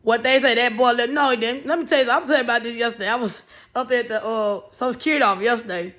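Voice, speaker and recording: A woman giving casual, ranting commentary, blunt and animated, swearing freely and raising her voice in bursts. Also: a little high, quick pace. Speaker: vlogger.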